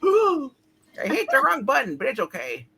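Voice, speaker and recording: Theatrical woman host, gravelly high voice. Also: wildly swooping pitch, unhurried, bright, forceful tone, slight background noise. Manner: theatrical, mock-grand announcing. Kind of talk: playful group comic reading.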